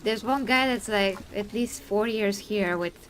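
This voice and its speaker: A woman from Bulgaria with a Bulgarian accent, chatting excitably while streaming a game. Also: mid-range voice, unhurried, a little hiss or hum. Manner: excitable, bursts of laughter and sound effects. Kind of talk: casual gaming stream chat.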